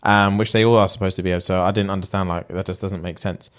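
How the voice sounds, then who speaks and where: A man's voice: deep voice, very fast. Ranting young man with slang. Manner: animated, ranting, slang-heavy. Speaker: podcast co-host. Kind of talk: casual chat.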